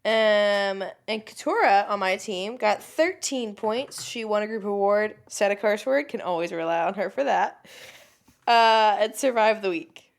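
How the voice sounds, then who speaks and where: A woman's voice: medium pitch, unhurried. A woman co-hosting a podcast in casual chat, hesitant and trailing off with many fillers. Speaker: podcast co-host.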